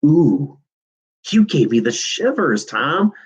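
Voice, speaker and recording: A man doing a whiny, high little girl. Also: big pitch swings, unhurried, highs cut off. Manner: wailing, high-pitched.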